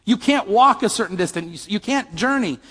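A man with a high-pitched voice delivers a sermon in a conversational way and keeps putting questions to the people listening. His voice rings out in a large hall with a long reverb tail. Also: expressive, moderate pace, a bit bright, slightly rough. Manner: conversational, asks the audience questions. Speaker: pastor.

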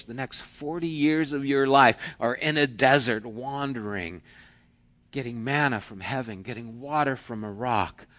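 A man preaching a sermon as pastor, telling stories with lively swings from quiet asides to loud outbursts. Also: medium pitch, highs cut off.

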